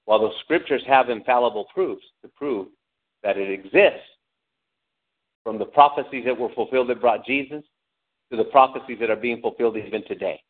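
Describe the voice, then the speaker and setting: A man preaching a sermon with lively delivery, asking the congregation questions and acting out angry cries. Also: mid-range voice, fairly quick. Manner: animated preaching, calls out to the congregation, acts out angry shouts. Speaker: pastor. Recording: tinny phone-like lo-fi sound.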